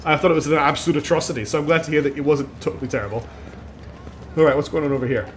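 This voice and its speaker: A man's voice: on the high side, fairly even intonation, racing, slight background noise. A man streaming a game, chatting casually and poking fun at his own attempts at voices. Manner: chatty, self-mocking, laughs at own accents. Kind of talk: casual gaming commentary. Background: faint game music.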